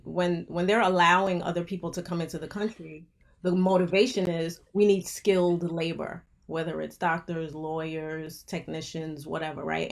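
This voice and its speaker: A woman explaining her view in casual podcast chat, deliberate and explanatory. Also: on the low side. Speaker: podcast co-host.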